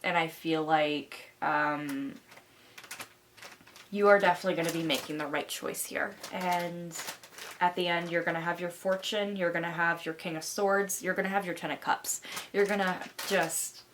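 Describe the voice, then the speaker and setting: A woman's voice: fairly low pitch, fairly even intonation, moderate pace, fairly bright tone, slight background noise. A young woman giving a pick-a-card tarot reading, talking in a rambling, reassuring way with many fillers. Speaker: tarot reader.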